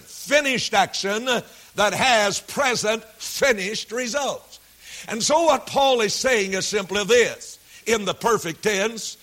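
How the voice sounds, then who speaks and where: Slow, high-voiced male preacher. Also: fairly bright tone. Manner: slow, deliberate delivery, repeating key phrases and verse references; frequent "uh" fillers between phrases. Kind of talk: sermon.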